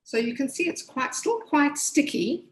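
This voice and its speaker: A woman's voice: high voice, very animated, normal speed, a little hiss or hum. A woman pastry chef from Zimbabwe giving a chatty step-by-step cooking demonstration with plenty of fillers. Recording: echoey room.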